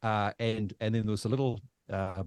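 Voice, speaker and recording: A New Zealand man in his fifties, a podcast guest telling his own story in a halting, emotional way with many restarts. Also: lowish voice, fairly even intonation, a little mellow, no room sound. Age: 50s. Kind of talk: personal storytelling.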